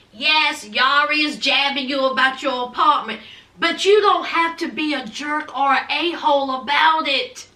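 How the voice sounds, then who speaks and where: Sassy woman recap host, very high and lively, mic a bit far off in a roomy space. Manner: sassy, talks straight to viewers with "honey" and "child". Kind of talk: casual recap commentary.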